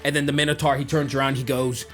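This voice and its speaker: A man's voice: medium pitch, flat delivery, fast talker, soft background music. A man narrating a tabletop game as game master, describing scenes with lots of fillers.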